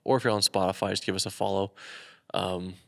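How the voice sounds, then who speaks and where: A man's voice: low voice, steady tone, a little fast, creaky. A young man co-hosting a podcast in casual chat, joking and playful, fond of calling people out. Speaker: podcast co-host.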